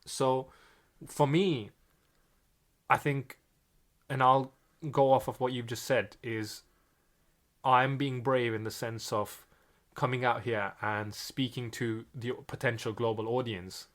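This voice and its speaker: A man's voice: mid-range voice, fairly even intonation, slow, pauses often, fairly bright tone. Earnest young man, mixed Indian-British accent. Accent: Indian mixed with British and American. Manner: earnest, with frequent restarts. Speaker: podcast co-host. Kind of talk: reflective podcast chat.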